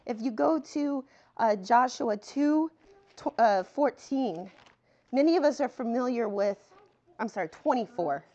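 Animated woman giving a casual Bible lesson. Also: on the high side, a little slow. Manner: conversational, animated asides, reads scripture aloud. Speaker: Bible teacher. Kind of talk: teaching sermon. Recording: muffled lo-fi sound.

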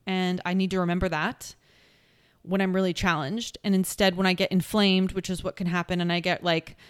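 A woman hosting her own podcast, talking through a personal reflection in an earnest, searching way, restarting thoughts and slowing to lean on key words. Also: lowish voice, little pitch movement, clean tone, dry recording, studio quality. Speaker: podcast host. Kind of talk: reflective solo podcast talk.

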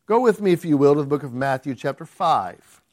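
High-pitched male pastor, conversational sermon, stumbles and restarts, builds to emphatic peaks. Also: expressive, brisk, a little mellow. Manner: conversational preaching with repeated restarts; rising to emphatic outbursts.

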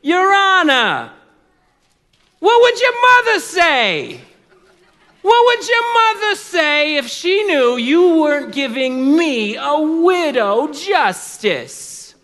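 A high, piercing, desperate widow calls out again and again for justice, as a preacher puts her on. The shouted pleas swing wildly in pitch. They ring through a big reverberant hall. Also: sing-song, slow pace, full character voice. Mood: pleading. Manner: shouting insistent demands. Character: desperate persistent widow woman pleading loudly. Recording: long reverb of a large hall.

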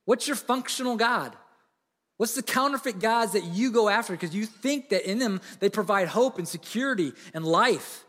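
A man's voice: sits high, animated, moderate pace, fairly bright tone. A man preaching a sermon, earnest and conversational, often restarting his sentences. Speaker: pastor. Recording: long reverb of a large hall.

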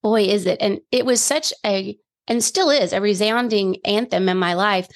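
A woman's voice: medium pitch, normal speed. A middle-aged woman, a grandmother, giving an earnest personal testimony as a guest in a faith interview, emphatic at key phrases.

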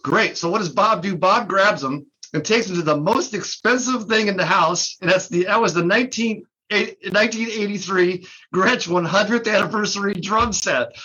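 An older man with a high, slightly rough voice and a sharp tone tells a story as a guest in a casual talk; he co-owns a drum shop. He speaks at a normal speed with hardly any pauses, laughing, cursing and restarting often. The recording is dull and lo-fi.

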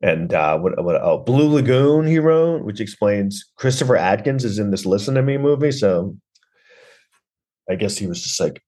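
A man's voice: fairly low pitch, animated, moderate pace, warm tone. A man hosting a podcast, rambling sarcastically through a comedic movie review. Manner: rambling, sarcastic, lots of restarts and "like". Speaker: podcast host.

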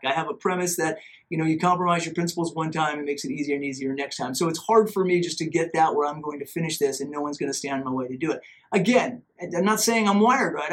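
A man hosting a podcast, telling a story casually in an animated, self-mocking way and acting out his own inner voice. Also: fairly high pitch. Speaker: podcast host.

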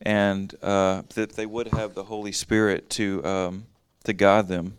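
A man with a low, resonant voice leads a casual Bible teaching. He reads a passage, then explains it in plain everyday words. The sound is dry and close, with almost no room around it. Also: flat delivery, unhurried, clear, resonant tone, no room sound. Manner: conversational, reads verses then explains them in plain talk.

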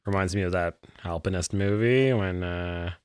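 A man's voice: sits low, normal speed, smooth, no room sound, clean studio sound. A man co-hosting a podcast, rambling and laughing often as he chats casually. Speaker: podcast co-host. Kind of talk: casual chat.

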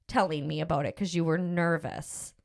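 A middle-aged woman hosting a podcast tells a personal story in a low voice with vocal fry, fairly even intonation and normal speed. Her casual storytelling is rambling and emotional, packed with fillers.

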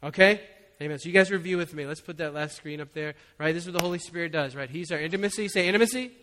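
A man preaching as a pastor, telling a personal story in a relaxed, conversational way with frequent chuckles. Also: fairly high pitch, fast. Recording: long hall reverb.

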